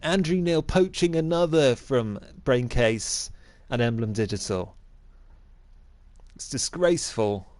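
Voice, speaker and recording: A man's voice: medium pitch, lively intonation, slow pace, darkish tone, no room sound. A young man doing comic commentary over a football game, playing a mock-serious pundit who rants and gets indignant.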